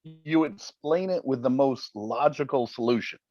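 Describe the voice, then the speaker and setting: A man who is a guest on a podcast, telling wry stories in a casual, animated way. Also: medium pitch, moderate pace, dry recording, dull audio. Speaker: interview guest, TV paranormal investigator. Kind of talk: casual interview chat.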